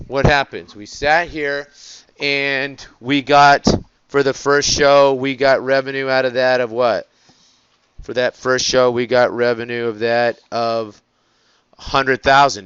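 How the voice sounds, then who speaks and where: A man lectures on accounting, repeatedly tossing rhetorical questions at his students. His voice is smooth and resonant, with a mid-range pitch. The recording is dry and somewhat dull. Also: no echo. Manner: asks the class rhetorical questions, animated. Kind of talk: classroom lecture.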